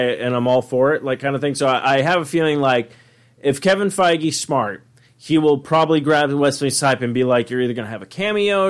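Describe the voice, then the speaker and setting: A man hosting a casual podcast chat, rambling and goofy. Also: medium pitch. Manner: goofy, rambling, breaks into silly voices. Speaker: podcast host.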